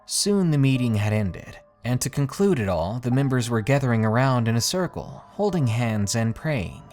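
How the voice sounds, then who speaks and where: A man reading out a creepy first-person story as a scripted narration, with an expressive storytelling delivery. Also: mid-range voice, moderate pace, faint music behind.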